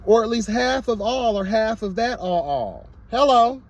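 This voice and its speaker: A man's voice: high-pitched, lively intonation, a little slow. A man vlogging his commentary in a sassy, emphatic rant, full of repeated exclamations. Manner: sassy, emphatic, repeats "girl" and "hello, God". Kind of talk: candid to-camera rant.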